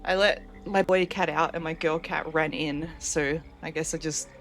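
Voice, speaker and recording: A woman streams a game from home, her low voice steady and at a normal speed, with faint music behind her. She casually talks with viewers, reads their chat aloud and answers it, and laughs easily throughout.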